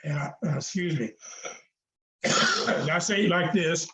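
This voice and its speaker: An older man, joining a video call as a guest, shares his story in a fairly high, fairly bright voice, taking his time and pausing often. His delivery is earnest and preacherly, with fillers and repetition, and the call audio sounds roomy and dull.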